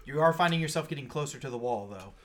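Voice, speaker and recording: A man's voice: medium pitch, animated, fast talker. A man acting as game master of a tabletop game, narrating and swearing playfully.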